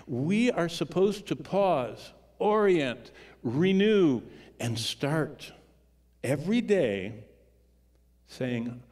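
A male pastor delivers a sermon, swinging from loud, emphatic peaks to quiet, low storytelling and stretching out key words for weight. His delivery is sing-song and slow, with frequent pauses.

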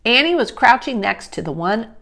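A woman reading a children's chapter book aloud, slow and expressive. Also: fairly high pitch, gravelly. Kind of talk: storybook read-aloud.

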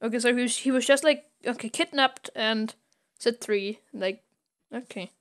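A woman's voice: fairly high pitch, normal speed. A woman co-hosting a podcast, casually retelling a comic story with lots of fillers and little acted-out voices. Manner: retells scenes, putting on voices with many fillers. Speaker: podcast co-host.

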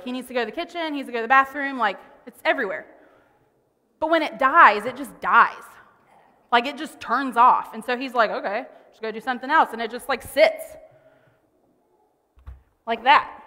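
Woman preaching at church, chatty storyteller, bright voice, kinda echoey. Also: a little high, normal speed, pauses often. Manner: storytelling, conversational, animated. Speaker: speaker. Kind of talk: sermon. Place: church auditorium. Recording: church hall reverb.

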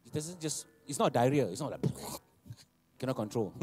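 A man, preaching a sermon, animated and laughing, repeating phrases and asking for amens. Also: medium pitch, unhurried, slightly rough, soft background music. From Malaysia. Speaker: pastor. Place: church hall.

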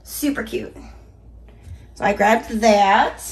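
A woman vlogger goes through a shopping haul in a slow, mid-range voice that's slightly scratchy. She's chatty and upbeat, talking casually to her viewers and calling them "y'all" and "you guys."

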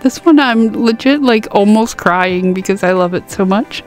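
A woman giving a casual game review, gasping and squealing excitedly over cute items. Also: mid-range voice, moderate pace, few pauses, soft background music. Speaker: gaming YouTuber.

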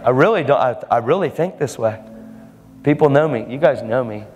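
A man's voice: mid-range voice, lively intonation, brisk, in a large hall, dull audio, over music. A man preaching a fervent, emphatic sermon, laughing now and then between points.

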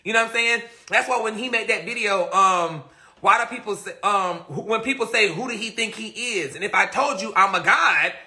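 High-voiced guy rambling on a phone live, cursing a lot, bright gravelly tone. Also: fairly quick. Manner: rambling, profane and emphatic. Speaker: livestreamer answering viewer comments. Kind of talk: casual livestream chat.

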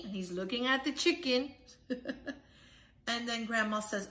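A woman's voice: a little high, moderate pace, long pauses, fairly bright tone. A woman presenting a children's book, explaining each picture and checking in with a frequent "right?". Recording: echoey room.

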